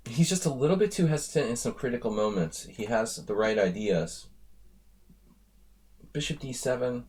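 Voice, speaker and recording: A man's voice: mid-range voice, lively intonation, normal speed, a little mellow. An American man chatting casually while commenting on his own online chess games during a live stream, wandering off into asides. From United States. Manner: rambling, chatty asides between chess moves.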